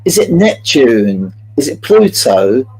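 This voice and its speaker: A man's voice: medium pitch, very animated, takes it slowly, gravelly, darkish tone, breathy edge, low-quality recording. A man hosting a live-streamed multiple-choice quiz, chatty and jokey, greeting viewers by name as he reads out the questions. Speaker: quiz host.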